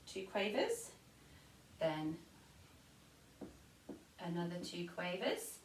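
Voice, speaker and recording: English music teacher in an echoey room. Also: female voice, fairly low pitch, sing-song, takes it slowly, long pauses, distant mic, a little hiss or hum. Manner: counts beats aloud and sings short rhymes. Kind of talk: recorded online music lesson for children.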